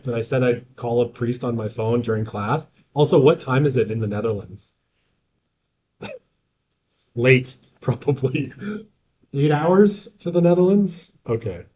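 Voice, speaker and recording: A male lecturer talks to his class in an easy, conversational way. He keeps asking "right?" as he goes and breaks off for joking asides. His voice sits at an ordinary middle pitch for a man. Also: darkish tone. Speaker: university lecturer. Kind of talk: casual university lecture.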